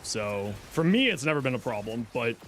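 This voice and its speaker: A man's voice: medium pitch, big pitch swings, normal speed, noisy background. A man streaming a video game, chatting casually and reading his viewers' questions aloud before answering them offhandedly. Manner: easygoing, chatty, jokey. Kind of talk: casual live-stream chat while gaming.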